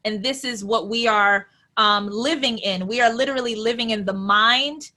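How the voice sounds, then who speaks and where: A woman hosting a relaxed spiritual talk, reading her notes aloud in a reflective way with many fillers. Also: a little high, normal speed. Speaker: host.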